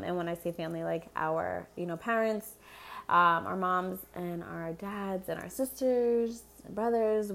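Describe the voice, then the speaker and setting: A young woman telling her pregnancy story in a candid personal vlog, rambling, laughing often and swearing freely. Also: on the low side. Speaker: expectant mother.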